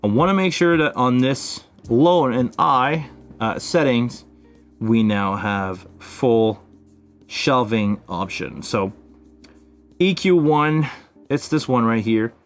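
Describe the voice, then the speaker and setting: A man's voice: medium pitch, animated, takes it slowly, faint music behind. A man hosting a casual live stream Q&A, demonstrating a mixing desk while thinking aloud with frequent fillers and restarts. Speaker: live stream host answering viewer questions.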